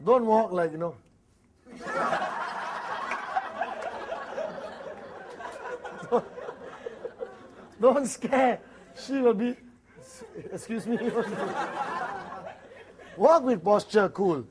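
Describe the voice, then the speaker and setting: Malaysian guy hyping up a seminar crowd, high voice, acts out chats and laughs a lot. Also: slow, long pauses, noisy background. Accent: Malaysian English. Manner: animated, acts out dialogues, laughs often. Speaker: network marketing trainer. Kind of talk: motivational seminar talk.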